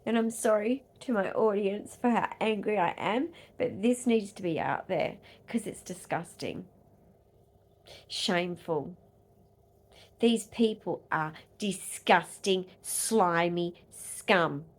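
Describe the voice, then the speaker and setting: Furious Australian woman ranting on camera. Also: takes it slowly. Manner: furious, swearing, swinging between loud outbursts and low muttering. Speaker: vlogger and disability advocate. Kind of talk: angry vlog rant.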